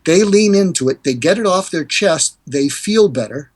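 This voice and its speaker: Older male guest, husky and fairly high, animated explainer who mimics the people he quotes. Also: moderate pace. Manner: animated, acts out quoted dialogue with pitch jumps. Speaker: guest, hostage negotiator and author. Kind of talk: podcast interview, explaining techniques.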